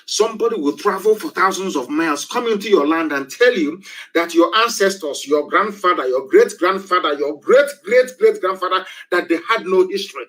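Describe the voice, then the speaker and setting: High, bright-voiced man preaching. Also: lively intonation, moderate pace, rough recording. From Nigeria. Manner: preachy, rhetorical questions, repeats phrases for emphasis. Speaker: broadcaster. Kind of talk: impassioned political broadcast.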